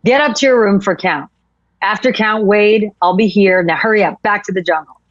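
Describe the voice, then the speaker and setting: A woman reading the part of a calm, hard-to-read female prison officer in a live script reading, brisk and commanding. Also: medium pitch, no echo, muffled recording, lightly acted. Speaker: actor in a table read.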